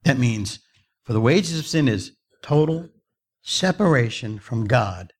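A man's voice: medium pitch, animated, unhurried. A middle-aged man preaching a sermon, telling stories and rising to fervent emphasis. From New Jersey.

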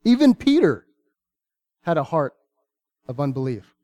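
A man preaching a sermon, reading scripture aloud with earnest, deliberate pauses. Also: on the high side, sing-song, mellow, muffled recording.

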